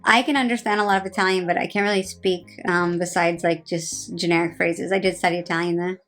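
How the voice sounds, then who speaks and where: A woman's voice: on the low side, steady tone, quick pace, fairly bright tone, soft background music. A tired woman in her thirties with a New Jersey accent, chatting casually on a phone live stream, rambling with lots of "like" fillers and a sarcastic edge. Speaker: reality TV personality on a live stream.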